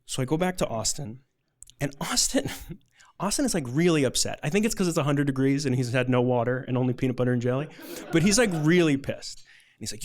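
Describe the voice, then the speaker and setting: A man's voice: medium pitch, lively intonation, fairly quick, a little mellow. A male storyteller performing a true story for a live audience, with a middle-range voice. His telling is loose and conversational, and he leans on "like" and small restarts as he goes. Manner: casual, chatty, many "like" fillers.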